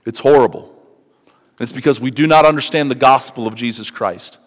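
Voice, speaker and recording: Male pastor, mid-pitched, chatty sermon with emphatic build-ups, hall reverb. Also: a little fast.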